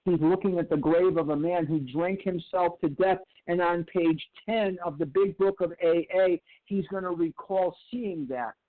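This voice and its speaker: High-voiced man with tinny, phone-like sound. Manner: slow, emphatic repetition of phrases. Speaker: twelve-step recovery speaker. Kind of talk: storytelling lecture.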